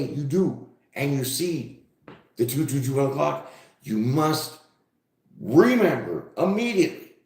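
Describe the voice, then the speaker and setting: Slow, gravelly man reading tarot live. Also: mid-range voice, darkish tone, reverberant. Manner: casual, profane, talks straight to viewers. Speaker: tarot reader.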